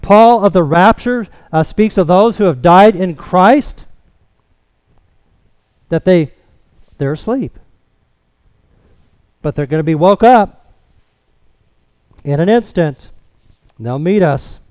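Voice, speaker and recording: A man with a notably high voice preaching a sermon, taking his time over each phrase and leaning on key words. The sound is close and dry, with no room around it. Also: animated, a little mellow, smooth, no room sound. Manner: slow, emphatic expository preaching.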